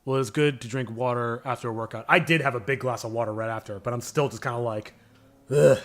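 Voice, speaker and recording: A man's voice: mid-range voice, steady tone, quick pace, fairly bright tone. A man streaming his animation work live, chatting casually with viewers and thinking aloud.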